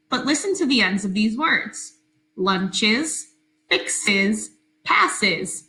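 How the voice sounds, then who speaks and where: A woman teacher giving a recorded phonics lesson to her class, speaking slowly, clearly and patiently. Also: mid-range voice, lively intonation, pushed and bright, reverberant, low-quality recording.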